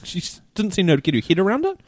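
A man's voice: sits high, fast talker. A man with a New Zealand accent, co-hosting a casual podcast and telling stories animatedly, acting out the voices of the people in them. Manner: animated storyteller, quoting people in raised voices. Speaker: podcast co-host. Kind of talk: casual chat, storytelling.

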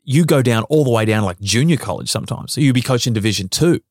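A young Australian man on a casual podcast, telling lively stories, swearing freely and laughing often. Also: medium pitch, fast. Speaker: podcast guest, former basketball player.

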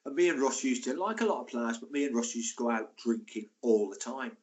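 A man in his sixties talks as a podcast guest, recalling his playing days. His mid-range voice rises into animated, laughing storytelling as the anecdotes build. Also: mid-range voice, a little fast. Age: 60s. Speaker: former footballer, guest. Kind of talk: casual storytelling.

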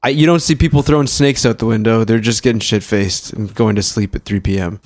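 A man's voice: lowish voice, fairly even intonation, a little fast, a little mellow. A man from Canada trading sardonic, profane jokes in improvised comedy banter.

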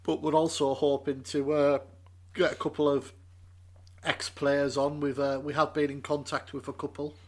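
A man co-hosting a casual football podcast, relaxed and hesitant, with plenty of fillers. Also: on the high side, moderate pace. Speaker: podcast co-host.

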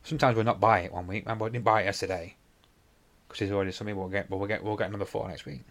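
A man's voice: fairly low pitch, steady tone, racing, a bit bright. A man co-hosting a podcast, telling rambling stories full of swearing and acted-out dialogue. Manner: rambling anecdotes, heavy swearing, acts out dialogue. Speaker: podcast co-host. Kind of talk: casual chat.

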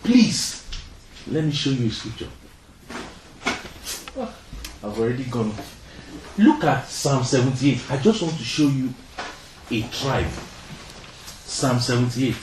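A man's voice: medium pitch, animated, slow, long pauses. A man preaching a sermon to young people, acting out little dialogues and laughing now and then. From Nigeria. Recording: echoey room, heard from a distance, noisy.

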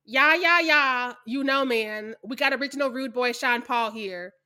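A woman's voice: a little high, pushed and bright, clear, resonant tone. A woman mocking a male celebrity's bad put-on Jamaican accent in a podcast impression. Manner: mocking impression, slow drawl.

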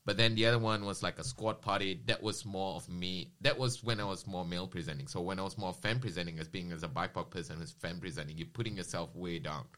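A man casually recounting personal experiences in an interview, with a rambling, animated manner and quoted dialogue. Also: low-pitched, quick pace, hardly any pauses.

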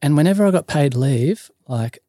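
A man's voice: a little high, animated, normal speed, warm tone, no echo, clean studio sound. An Australian man telling a long story in casual chat, full of ums, likes and swearing. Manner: rambling, many ums and likes, swears freely. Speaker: podcast guest.

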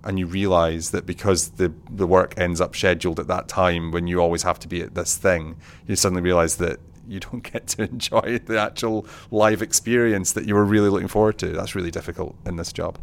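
Deep-voiced venue manager, animated. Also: male voice, brisk, creaky, few pauses, slight background noise. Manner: animated, acts out quoted reactions, laughs often. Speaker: venue manager and artistic director. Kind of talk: casual conversational interview.

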